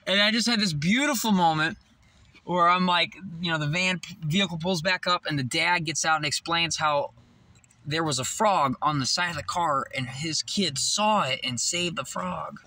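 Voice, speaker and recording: An excitable young man rambles through a story while vlogging outside on a handheld phone. His voice sits fairly high and very bright, and he swears freely as he goes. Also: moderate pace. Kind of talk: casual vlog storytelling. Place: outdoors by a tree near his parked car.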